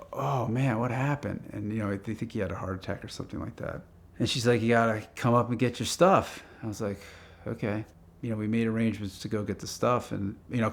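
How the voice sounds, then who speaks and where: A man telling a casual story about a car project, acting out the phone calls in quick quoted lines. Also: fairly low pitch, gravelly.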